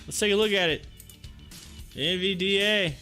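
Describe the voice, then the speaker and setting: A man hosting a live stock-market stream, chatting excitably with his viewers and reading their comments aloud. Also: sits high, moderate pace, faint music behind.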